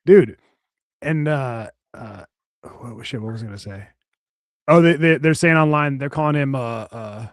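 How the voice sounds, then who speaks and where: A man's voice: medium pitch, normal speed, pauses often, no echo. A man co-hosting a comedy podcast in loose, crude banter that is full of fillers. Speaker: podcast co-host.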